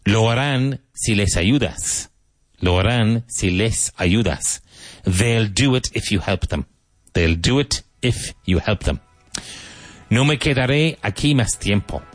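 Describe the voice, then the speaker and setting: A man teaching English vocabulary, saying each word slowly, repeating it and spelling it out, with tips on pronunciation. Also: lowish voice, animated, dry recording. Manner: slow, deliberate, repeats and spells out words.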